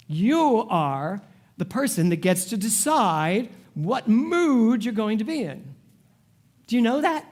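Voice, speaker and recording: Lively, high-voiced man preaching a sermon. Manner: animated, humorous storytelling to a live congregation. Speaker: spiritual director. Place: church service before a congregation.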